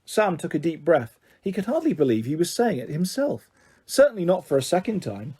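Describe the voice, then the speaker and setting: A man narrating a children's novel aloud in an expressive read-aloud style. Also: high-pitched, fairly quick, husky. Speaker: audiobook reader. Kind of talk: storybook narration.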